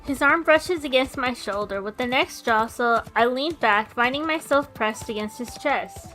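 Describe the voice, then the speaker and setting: A woman game streamer reading the story narration aloud, breaking in with expressive, quick asides. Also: a little high, soft background music.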